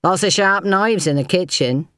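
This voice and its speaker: A woman's voice: on the low side, moderate pace, fairly bright tone, no room sound, voice pushed up, close to an everyday voice. A sneering, swaggering young footman, as a woman reader voices him in a storybook. He mocks and taunts in a pushy, withering tone. The recording is dry and close. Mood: taunting. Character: sneering thin young male footman, bullying.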